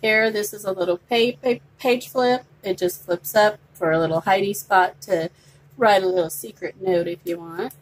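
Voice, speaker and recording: A woman's voice: medium pitch, moderate pace, rough recording. Woman gushing over her craft journal, chatty, little hiss in the room. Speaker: craft vlogger. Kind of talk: casual show-and-tell.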